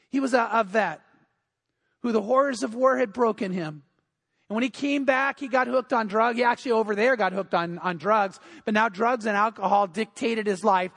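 A male pastor preaching a sermon, telling a story earnestly, hushing in tender parts and rising when urging. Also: sits high, in a large hall. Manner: earnest, drops to a hush in tender moments, rises when urging.

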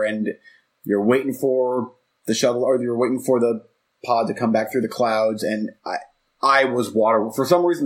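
A man in his forties co-hosting a podcast, talking in a rambling, reflective way that keeps breaking off and restarting. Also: mid-range voice. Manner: rambling, reflective, self-interrupting. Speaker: podcast co-host. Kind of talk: casual chat.

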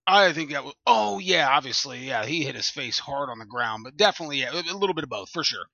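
Bright, gravelly man, lo-fi sound. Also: mid-range voice, fast, no echo. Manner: eager agreeing, animated retelling. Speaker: podcast co-host. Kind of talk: casual TV recap chat. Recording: dull lo-fi mic.

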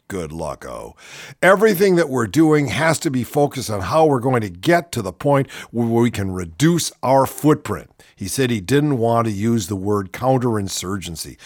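A man's voice: fairly high pitch, dry recording, clean studio sound. Sarcastic man reading aloud. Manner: sarcastic, mocking asides. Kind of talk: reading a book aloud with commentary.

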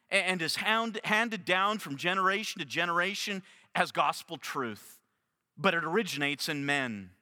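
A man preaching in a high, very bright voice that rings out with long reverb around him. He speaks earnestly, slowing down to stress key words and often restarting his phrases. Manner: earnest, with frequent restarts and slow emphatic phrasing. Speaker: pastor. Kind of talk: expository sermon.

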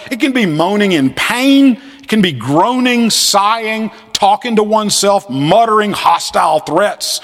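A man giving a classroom lecture on scripture, animated and fond of acting out the voices he quotes. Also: high-pitched, normal speed, few pauses, in a large hall. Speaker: seminary lecturer.

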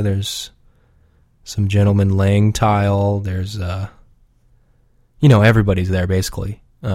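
A man with a lowish, warm, mellow voice, rambling loosely and cursing often as he chats on his own show. His delivery is relaxed and unpolished, recorded close and dry with no room sound. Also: no room sound. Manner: profane, rambling, laid-back. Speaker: podcast regular. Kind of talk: casual rambling chat.

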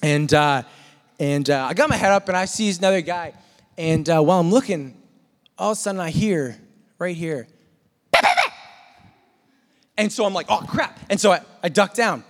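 A man's voice: high voice, fairly quick. Man preaching in an echoing hall. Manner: animated storyteller, imitates paintball gunfire and shouts. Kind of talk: sermon with a personal story. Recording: long reverb of a hall.

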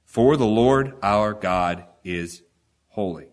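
A man's voice: on the low side, takes it slowly. A man preaching a sermon, reading scripture and asking the congregation rhetorical questions with strong emphasis.

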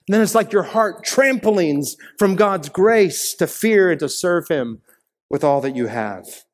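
Male pastor, fairly high voice, earnest sermon delivery, long church-hall reverb. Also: lively intonation, measured pace. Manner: earnest preaching with rising emphatic peaks.

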